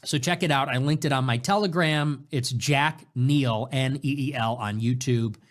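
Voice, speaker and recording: A man hosting his own show in a casual monologue, animated and sarcastic, jumping between loud bursts and low mutters. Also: normal speed. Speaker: show host.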